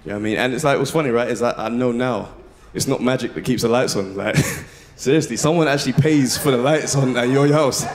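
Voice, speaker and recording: A young man doing a slangy, animated stand-up comedy set. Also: medium pitch, fairly quick. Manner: animated, slangy, swings into loud shouted bits. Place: live comedy venue with audience.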